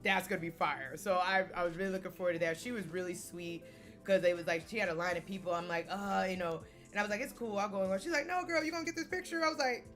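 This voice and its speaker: A young woman vlogger telling a story in a casual, animated way, acting out the quotes and laughing often. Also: fairly low pitch, quick pace, faint music behind.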